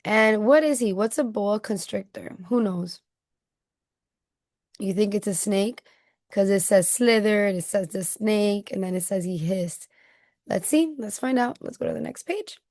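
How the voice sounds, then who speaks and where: A woman teacher reading a picture book aloud to children, pausing to ask questions and check they follow along. Her voice is close and dry, with a mid pitch. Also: no room sound. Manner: gentle questioning, checking in with listeners.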